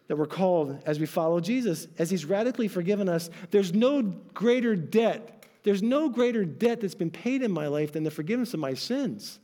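A man's voice: sits high, dark tone. A male pastor giving a sermon, telling stories animatedly and acting out voices with emphatic asides to his congregation.

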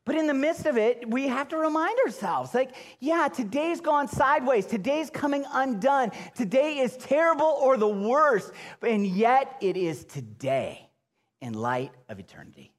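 A middle-aged man preaching a sermon as pastor, swinging between loud emphatic bursts and low hushed lines. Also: big pitch swings, moderate pace.

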